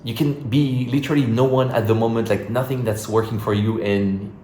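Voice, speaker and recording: A man's voice: medium pitch, steady tone, a little fast, warm tone, slight background noise. A man from France with a French accent, chatting casually to the camera in an upbeat, rambling way. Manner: upbeat, rambling, thinks aloud with many fillers. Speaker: solo entrepreneur vlogger. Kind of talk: casual vlog chat to camera.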